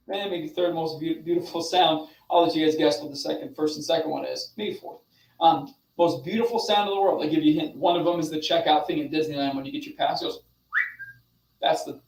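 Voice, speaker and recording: A young adult man coaching a group over a video call, animated and demonstrative, talking straight to his listeners. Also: a little high, reverberant, far from the mic, rough recording. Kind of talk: motivational online session.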